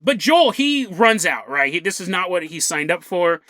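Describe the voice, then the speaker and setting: A young man spins a rambling comic tale for his podcast, his bright voice swinging high and low as he jumps into funny voices for the people in the story. The sound is dry and close, with no room around it. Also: sing-song, moderate pace, no room sound. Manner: rambling, jokey, acts out quotes in funny voices. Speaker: podcast host. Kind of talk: comedic storytelling.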